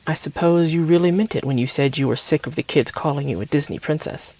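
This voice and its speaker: A man's voice: fairly high pitch, brisk, a little mellow, low-quality recording. Man doing a wry British dad. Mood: tender. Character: gentle British father, dry and tender.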